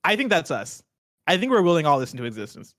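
A man co-hosting a gaming podcast, arguing his side in a playful, quick way. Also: a little high, big pitch swings, fairly bright tone, no echo, clean studio sound. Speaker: podcast co-host. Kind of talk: casual gaming podcast banter.

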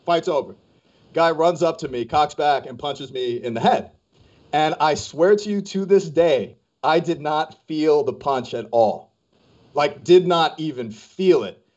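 A man's voice: fairly high pitch, unhurried, a little mellow. A man casually telling a story on a podcast as a co-host, acting out the voices of people he quotes. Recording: dull lo-fi podcast audio.

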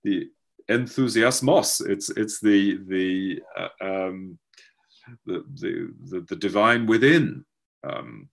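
Male lecturer, very low voice, slow deliberate delivery, hesitant and full of restarts; video-call audio. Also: expressive, vocal fry, a bit bright. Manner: halting, many fillers and restarts. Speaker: guest lecturer. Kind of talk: academic webinar lecture.

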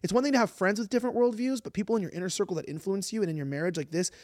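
Guy cohosting a podcast, talks super fast, kinda high voice, rambly, dry sound. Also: dry recording. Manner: rambling, animated, many fillers. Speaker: podcast co-host. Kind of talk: casual live-stream chat.

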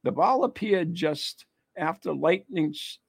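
Gravelly, lively-voiced man reading aloud. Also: a little high, no room sound. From United States. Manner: reads aloud haltingly with frequent laughs and asides. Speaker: host. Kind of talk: casual chat reading an article.

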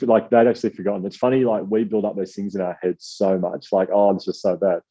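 A man telling a rambling, self-deprecating story as an author guest, quoting people in lively voices. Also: lowish voice, fast, few pauses, breathy edge, dull audio. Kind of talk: casual storytelling.

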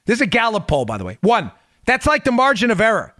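High-voiced man delivering political commentary. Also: huge pitch swings, fast talker, fairly bright tone, dry recording, studio quality. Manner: emphatic, sarcastic, repeats phrases for effect. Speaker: podcast host.

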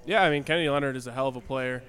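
A man's voice: mid-range voice, rapid-fire, fairly bright tone. A man on a casual sports podcast with a dry, joking delivery. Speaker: podcast co-host.

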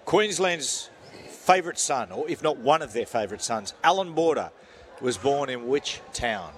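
A man's voice: medium pitch, expressive, normal speed, a bit bright, slight background noise. An Australian man hosting an on-air quiz with jokey, theatrical game-show patter. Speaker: quiz host on a radio show. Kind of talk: casual on-air radio banter.

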